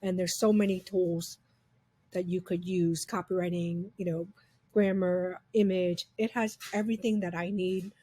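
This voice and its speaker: Woman, breathy voice, upbeat chatty software walkthrough. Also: fairly low pitch, fairly even intonation, measured pace, no room sound. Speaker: software reviewer. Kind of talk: casual screen-recorded software demo.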